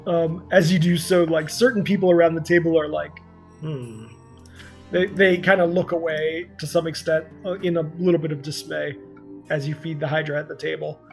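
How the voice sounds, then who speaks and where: A man's voice: a little high, little pitch movement, brisk, gravelly, faint music behind. A man running a tabletop game as game master, narrating in a loose style full of fillers.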